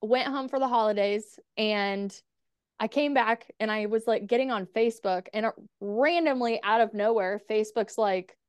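A woman's voice: a little high, normal speed, clear, resonant tone, no echo, studio quality. A woman guest on a podcast, telling a personal story in a frank, casual way, with blunt swearing and lots of "like". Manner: frank, swears freely, many "like" fillers.

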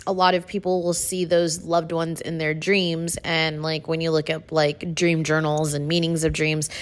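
A woman in her thirties hosting a podcast, telling a personal story in a casual, chatty way, filling her talk with "like". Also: on the low side. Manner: chatty, says "like" a lot, emotional retelling. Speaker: podcast host.

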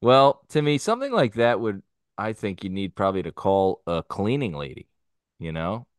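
Smooth, low-voiced podcast host man. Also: sing-song, moderate pace, no echo. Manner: easygoing, steering the topics. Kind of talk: casual chat.

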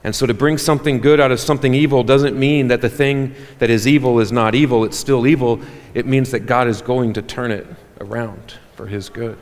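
A pastor delivers a sermon to his congregation, animated and quick to crack jokes. His voice sits at an ordinary male pitch, and a long reverb trails each phrase through the church hall.

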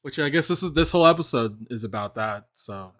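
A man co-hosting a podcast, talking in an animated, rambling way with restarts. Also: medium pitch, fairly quick. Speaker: podcast co-host. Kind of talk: casual chat.

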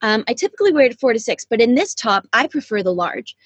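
Higher-voiced woman, dry close sound. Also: big pitch swings, fast, breathy edge, dry recording. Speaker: podcast co-host. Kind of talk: casual panel chat.

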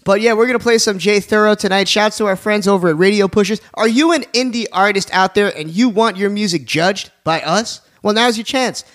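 A man's voice: sits high, a bit bright. A man hosting a casual radio talk show, joking around and plugging sponsors. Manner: jokey, plugs sponsors, fast asides.

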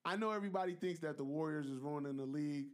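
A man's voice: a little high, rapid-fire. A man co-hosting a sports podcast, talking casually and telling what he took away from a game. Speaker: podcast co-host.

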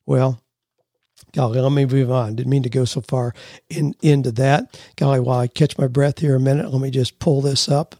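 A man's voice: mid-range voice, steady tone, normal speed, mellow. A man hosting a radio advice show, talking in a folksy, conversational way, explaining ideas with everyday examples and reading listener letters aloud.

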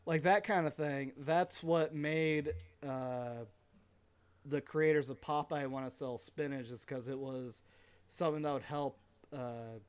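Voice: medium pitch, steady tone, measured pace, clean tone. A podcast co-host in casual chat, rambling with lots of "like" and swearing, often laughing mid-sentence. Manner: rambling, heavy use of "like" and swearing.

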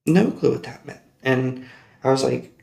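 A man's voice: mid-range voice, normal speed, gravelly, mellow. A man hosting a personal storytelling podcast, rambling and correcting himself as he goes, laughing often. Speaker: podcast host. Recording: roomy echoey recording.

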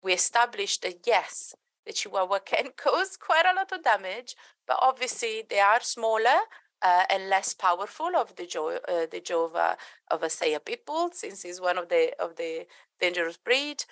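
A woman's voice: medium pitch, animated, normal speed, fairly bright tone, dry recording. A woman dog trainer answering interview questions earnestly, with frequent restarts. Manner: earnest, many restarts, acts out quoted voices. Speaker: dog trainer and behaviourist guest.

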